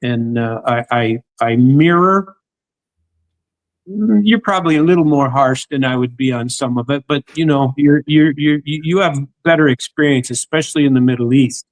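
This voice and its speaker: Middle-aged man, interview host, rambling, frequent restarts, mid pitch, dry close sound. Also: normal speed, no echo, rough recording. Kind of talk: casual conversation.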